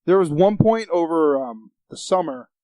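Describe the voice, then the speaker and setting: A man's voice: on the high side, expressive, normal speed, a little mellow, no room sound. A young man co-hosting a casual podcast, telling a story with swearing and acted-out quotes of other people. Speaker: podcast co-host. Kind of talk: casual chat.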